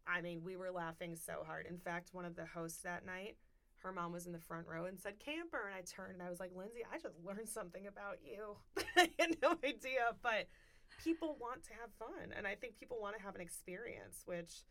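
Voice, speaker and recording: A woman's voice: lowish voice, expressive, fairly quick, a bit bright. A woman from North Carolina, co-hosting a podcast, chatting in a bubbly, joking way. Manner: bubbly, joking, laughs often. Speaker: co-host and actress. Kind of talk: casual chat.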